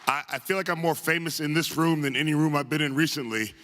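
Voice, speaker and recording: A man's voice: a little high, fast talker, fairly bright tone, slight background noise. A man from the northern United States giving a humorous, self-deprecating speech at a tribute event, full of chatty asides. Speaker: guest speaker at a tribute event. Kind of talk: humorous anecdotal speech to a live audience. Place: large arts center auditorium. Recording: live hall reverb.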